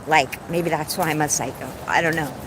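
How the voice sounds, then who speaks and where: A woman's voice: low voice, fairly even intonation, moderate pace, noisy background. A woman in her forties chatting on a livestream while out on a walk, effusive and heartfelt as she tells stories. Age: 40s. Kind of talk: casual livestream chat while walking. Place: outdoors on a walk.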